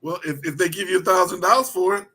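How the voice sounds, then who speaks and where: A man talking sports on a livestream, lively and playfully teasing his co-host. His voice sits a bit high, bright and edgy, with a husky grain. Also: fast. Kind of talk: casual sports talk. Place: livestream call.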